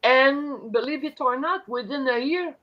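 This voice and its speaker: A woman's voice: high-pitched, highs cut off. A woman with a French Canadian accent, a native French speaker, chatting casually on a live stream with many restarts. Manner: chatty, halting with restarts, talks with her hands. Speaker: host.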